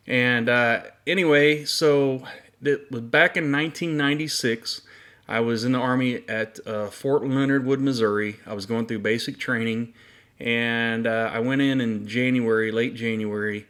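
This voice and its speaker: A man's voice: mid-range voice, unhurried, a bit bright. A middle-aged man telling a personal faith story in a casual, rambling way, with many fillers and restarts. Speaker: Christian video host.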